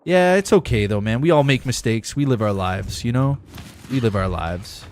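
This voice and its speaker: A man's voice: medium pitch, expressive, moderate pace, a little mellow, slight background noise. A young man streaming a game live, chatting with viewers in a profane, emphatic, ranting way. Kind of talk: casual gaming livestream chat.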